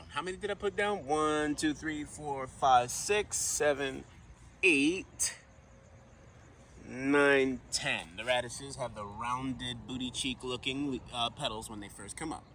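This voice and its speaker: A man's voice: medium pitch, slow pace, a bit bright, slight background noise. A man casually narrating a garden vlog outdoors, chatty and counting plants aloud as he goes. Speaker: vlogger gardener.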